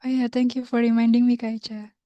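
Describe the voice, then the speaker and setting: Mellow young Indonesian woman hosting. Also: on the high side, level tone, no room sound, lo-fi sound. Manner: unhurried, with hesitant learner phrasing. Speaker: community host. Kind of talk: online class announcements. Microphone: video call.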